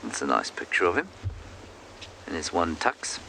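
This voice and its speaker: A man working as a safari guide, giving calm, explanatory live commentary outdoors in the bush. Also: low-pitched, normal speed, gravelly. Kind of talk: live game-drive commentary. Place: outdoors in the bush on a game drive. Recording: outdoor ambience noise.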